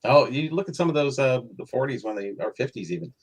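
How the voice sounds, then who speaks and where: A man's voice: mid-range voice, animated, fast, breathy edge. A man co-hosting a casual hobby livestream, tossing in wisecracks and rambling asides. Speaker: co-host. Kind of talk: casual chat.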